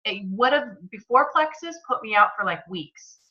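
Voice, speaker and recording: A woman's voice: fairly high pitch, expressive, moderate pace, sharp tone. A woman leading a motivational group video call, chatty and enthusiastic, with a slightly sore, congested throat. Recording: muffled, lo-fi video call audio.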